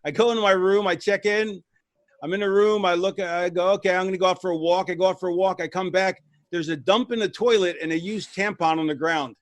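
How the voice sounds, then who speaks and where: Casting: man, high voice, dry close sound, rambling anecdote-teller, loose and casual. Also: fast, no room sound. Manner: rambling, restarts, lively retelling with voices. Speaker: retired wrestler guest. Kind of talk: casual storytelling.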